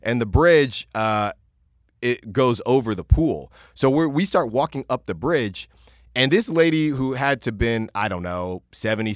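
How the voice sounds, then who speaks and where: A young man hosts a podcast, casually telling a vacation story in an animated, rambling way, full of filler words and restarts. His voice sits in the mid range, and the recording is dry and clean, with studio sound.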